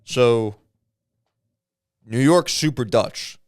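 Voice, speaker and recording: A man co-hosting a podcast, talking in fast, crude, argumentative banter. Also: mid-range voice, clear, resonant tone, dry recording, studio quality. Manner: rapid, argumentative, crude joking. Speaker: podcast co-host.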